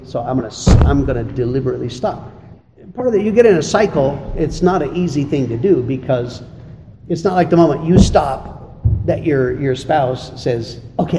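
Animated man preaching in an echoey hall. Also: medium pitch. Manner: animated storyteller who acts out quarrels and laughs often. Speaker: pastor or church teacher. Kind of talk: church lesson answering questions. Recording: echoey hall with background noise.

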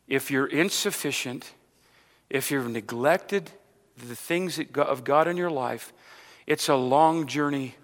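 A male preacher delivering a sermon, asking the congregation rhetorical questions, repeating words and building to loud emphatic passages. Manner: builds to loud emphatic stretches, then drops low. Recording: long hall reverb.

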